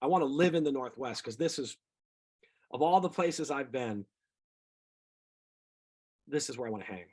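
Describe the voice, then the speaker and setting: A middle-aged singer-songwriter telling rambling, animated stories about his music career in a casual interview. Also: medium pitch, normal speed, long pauses, slightly rough. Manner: rambling, animated anecdotes with quoted voices.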